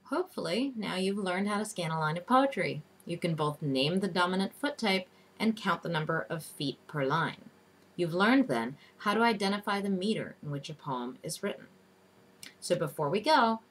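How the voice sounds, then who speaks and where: A woman teaching a recorded lesson in a slow, deliberate, scripted way, spelling out each term. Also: lowish voice, expressive, slightly rough. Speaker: literature teacher. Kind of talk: scripted video lecture.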